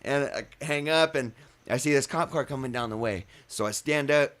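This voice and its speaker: A man, a podcast co-host, telling a story in casual, profane, animated style, laughing often and acting out the shouts of the people in it. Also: mid-range voice, moderate pace.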